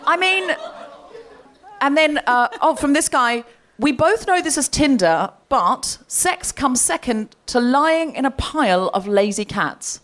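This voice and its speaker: A woman hosting a live comedy show tells a story with a bright, high voice that leaps up and down. She laughs as she goes, animated and quick to react. A faint hiss sits under the live recording. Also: a faint crowd. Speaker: comedy podcast host. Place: live comedy stage before an audience.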